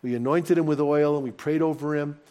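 A man preaching as a pastor, telling personal stories to his congregation with lively, rising excitement. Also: on the high side, a little fast. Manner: animated, personal anecdotes told warmly to a congregation. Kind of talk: sermon storytelling.

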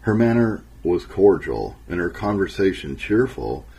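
A man narrating an old memoir in a measured, earnest and solemn way. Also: deep voice, very animated, mellow, breathy edge, rough recording.

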